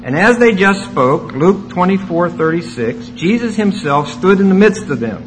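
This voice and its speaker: A man preaching an expository sermon, emphatic and rising to loud exclamations. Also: high-pitched, lively intonation, normal speed, soft background music, rough recording.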